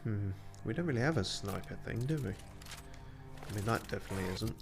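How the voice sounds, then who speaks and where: A man's voice: on the low side, expressive, normal speed, vocal fry, over music. A man streaming a video game, chatting casually with plenty of swearing and self-mocking asides. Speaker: let's play streamer. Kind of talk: casual gameplay commentary.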